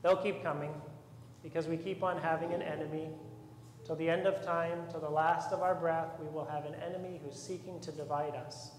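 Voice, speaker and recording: A man's voice: fairly high pitch, steady tone, moderate pace. A man, a priest, giving an earnest and emphatic sermon in a church. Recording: echoey church with long reverb, faint room noise.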